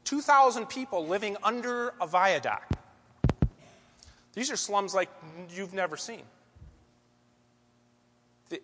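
A man telling a story from the pulpit in an animated, conversational way, as a church speaker giving a sermon. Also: sits high. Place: church sanctuary. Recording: long echoey church hall reverb.

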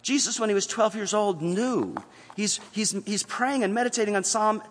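A man preaching a sermon as pastor, earnest, moving between hushed passages and emphatic appeals. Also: sits high, normal speed, big-room sound, slight background noise.

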